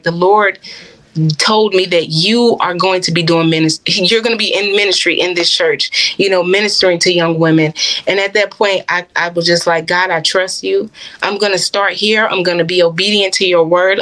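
A young adult woman with a slightly low voice gives a personal faith testimony. She talks in an earnest, heartfelt way, with plenty of fillers. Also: fairly bright tone. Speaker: minister, interview guest.

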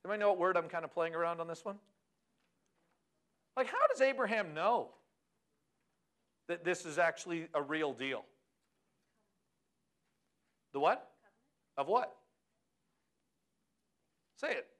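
A middle-aged man giving a sermon as a pastor, animated and often asking the audience questions. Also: fairly high pitch, normal speed, pauses often.

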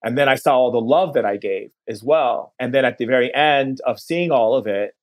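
With a mid-range voice, a male podcast guest unhurriedly and earnestly recounts a personal story, often easing down to stretch out certain words.

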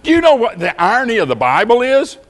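Texan male preacher, high animated voice, folksy storytelling sermon. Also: quick pace. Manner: folksy storytelling with rhetorical questions.

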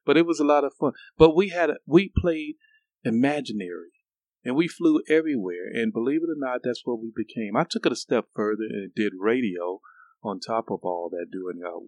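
A middle-aged man from Ohio telling stories in a casual interview, often jumping into high voices for the people he quotes. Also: fairly quick, a little mellow, no room sound, low-quality recording. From Cleveland, Ohio. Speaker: guest.

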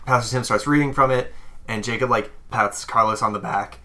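A man narrating a tabletop role-playing game as game master, halting and rambling with many fillers. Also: medium pitch, steady tone, bright, forceful tone.

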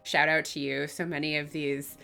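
A woman's voice: sits low, flat delivery, normal speed, vocal fry, loud music behind the voice. A woman co-hosting a podcast, discussing a book in a wry, conversational way. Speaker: podcast co-host. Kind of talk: casual discussion.

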